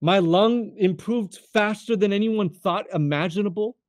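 A young man from California telling his faith testimony as an interview guest, animated and acting out the voices of the people in his story. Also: high-pitched, moderate pace, no room sound, studio quality. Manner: animated, acts out quoted voices, addresses the host by name often.

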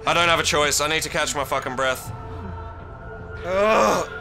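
Man, live horror game commentary, high voice, jumpy, swears, yelps, game music behind. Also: animated, moderate pace, vocal fry. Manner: jumpy, swears a lot, yells in panic. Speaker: streamer. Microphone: streaming mic.

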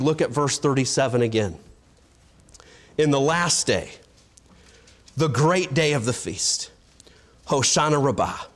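A man preaching an evangelistic sermon, building to loud shouted passages and then dropping to a low, quiet delivery.

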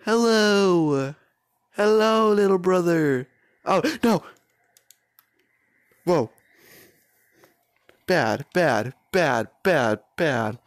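Excitable young man shouting over gameplay. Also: high voice, extremely slow, pauses often, dry recording. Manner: playful, shouting and exclaiming at the game. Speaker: gaming YouTuber. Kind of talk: excited gaming commentary.

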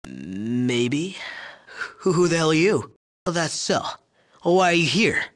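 Very animated yet slow, a fairly high-pitched male actor voices a boastful, mocking young drug chemist for a game. The character is arrogant and crude, and the delivery sneers and swears throughout.

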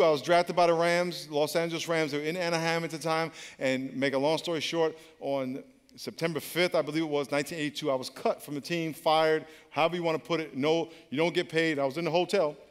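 High-voiced pastor preaching in a hall. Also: male voice, fairly even intonation, a little fast, smooth. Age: 50s. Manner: conversational storytelling with humor. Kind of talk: sermon. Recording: long reverb of a large hall.

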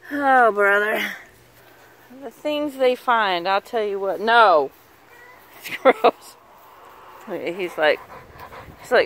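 A woman's voice: fairly high pitch, expressive, slow, pauses often, fairly bright tone. A middle-aged woman chatting casually as she films her backyard chickens. She laughs often and coos at the hens in a sing-song voice, talking into a handheld phone camera outdoors. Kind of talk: casual chat while filming. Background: faint clucking chickens.

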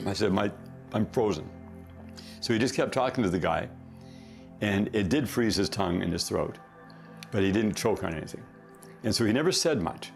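A man's voice: lowish voice, expressive, normal speed, creaky, faint music behind. A man, a company founder, telling a rambling story in a casual interview, correcting himself often and laughing.

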